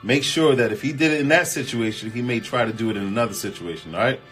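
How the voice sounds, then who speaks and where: A man's voice: medium pitch, fast, faint music behind. Emphatic man hosting relationship advice chat. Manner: animated, emphatic, repeats himself, colloquial. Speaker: host. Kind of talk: live-stream advice chat reading comments.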